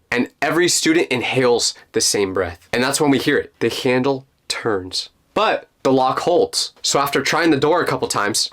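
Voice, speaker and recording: A man's voice: on the high side, fairly bright tone. A young man narrating a personal story, building suspense and dropping joking asides.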